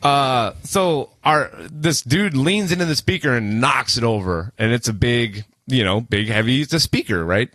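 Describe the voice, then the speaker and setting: Male podcast co-host, loose rambling storyteller who swears a lot, mid-pitched, dry close sound. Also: normal speed, hardly any pauses, fairly bright tone, dry recording. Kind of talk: casual chat.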